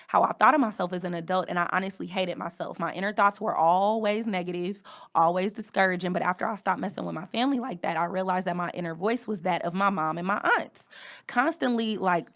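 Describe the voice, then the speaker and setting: Frank woman podcaster, lowish voice. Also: fairly quick, fairly bright tone. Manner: frank, conversational, reading from notes. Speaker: podcast host. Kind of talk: candid personal monologue.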